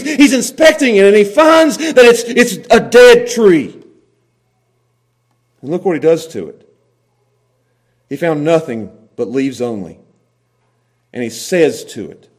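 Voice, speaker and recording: A man's voice: a little high, very animated, unhurried, long pauses. A pastor delivering an emphatic sermon in a church, chuckling often and repeating words as he builds his points.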